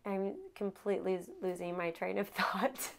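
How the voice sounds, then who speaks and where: A woman's voice: mid-range voice, little pitch movement, moderate pace, gravelly. A woman co-hosting a candid conversation about her marriage, emotional and earnest, laughing often and losing her train of thought. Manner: rambling with frequent restarts. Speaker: co-host sharing marriage story. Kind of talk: candid casual chat.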